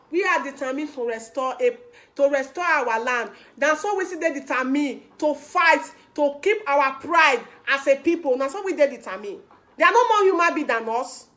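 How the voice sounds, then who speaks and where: A woman's voice: sits high, a bit bright. A young woman with a Nigerian Pidgin accent giving an impassioned activist speech, rousing and repeating lines for emphasis. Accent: Nigerian Pidgin English. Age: young adult. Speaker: activist speaker.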